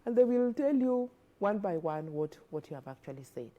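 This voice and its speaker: A woman's voice: mid-range voice, sing-song, normal speed, muffled recording. A woman, a guest expert on a studio television interview, explaining earnestly and often repeating words as she advises parents.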